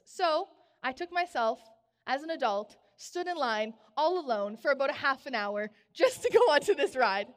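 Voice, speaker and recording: Young woman preacher with a bright high voice, bubbly storyteller, long church reverb. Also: normal speed. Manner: bubbly storytelling, animated exclamations. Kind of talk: sermon. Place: church sanctuary.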